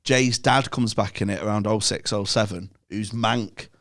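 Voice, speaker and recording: A man's voice: fairly low pitch, steady tone, moderate pace, fairly bright tone. A man in his thirties with a Manchester accent, a podcast guest telling bawdy stories and laughing mid-sentence. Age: 30s. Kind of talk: casual chat.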